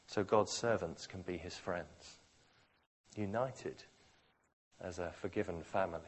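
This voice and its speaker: Husky male preacher, dramatic swings. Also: sits low, normal speed. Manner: dramatic, swings from quiet to loud. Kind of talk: sermon.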